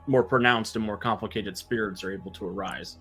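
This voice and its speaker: A man on a live-streamed design chat, eagerly pitching ideas and building on them. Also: steady tone, brisk, a bit bright, breathy edge, soft background music. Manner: enthusiastic, idea-driven.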